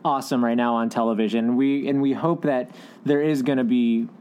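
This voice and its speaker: A young man hosting a podcast in casual chat, talkative and quick to laugh, with lots of fillers. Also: medium pitch, steady tone, clean tone, muffled recording. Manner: chatty, laughs easily, many fillers. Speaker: podcast host.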